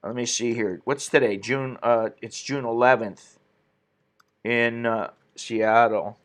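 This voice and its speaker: A slow, steady man with a mid-range voice runs a political commentary stream full of opinions. He reads comments from his viewers aloud and rants with indignation.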